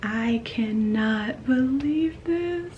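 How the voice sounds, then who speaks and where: A woman's voice: high voice, expressive, very slow, darkish tone, muffled recording, a little hiss or hum. Tearful, breathless woman vlogger. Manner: emotional and breathless, often dropping to a whisper. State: crying. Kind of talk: personal video diary.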